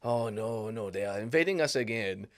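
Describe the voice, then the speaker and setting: A man's voice: on the low side, animated, moderate pace, lightly acted. A man putting on a mock French nobleman's voice in a comedy history podcast, panicky and hammy. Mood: panicked. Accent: English. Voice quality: exaggerated comedic French accent.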